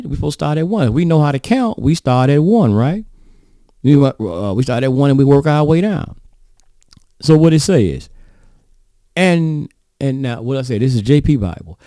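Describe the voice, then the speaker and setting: A man's voice: a little high, mellow, dry recording, clean studio sound. Folksy preacher man asking rhetorical questions. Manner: folksy, rhetorical questioning, addresses audience as y'all. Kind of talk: sermon reading and commenting on scripture.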